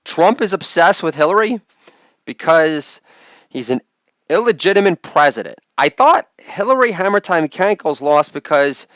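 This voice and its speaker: A man doing a stand-up comedy routine on stage, delivering crude rapid-fire one-liners and mock hype calls to the crowd. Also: on the high side, very animated, a bit bright, no echo, lo-fi sound.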